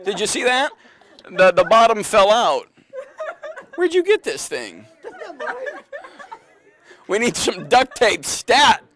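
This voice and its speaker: A man anchoring the news, chatting and joking casually in a TV newsroom before the broadcast. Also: high-pitched. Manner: joking, animated, quick-talking. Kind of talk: casual behind-the-scenes chat.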